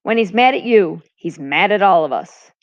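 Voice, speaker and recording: A woman reading as a soft-spoken sensible boy. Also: medium pitch, expressive, normal speed, lightly acted. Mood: earnest. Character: calm, sensible teenage boy. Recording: dull lo-fi recording.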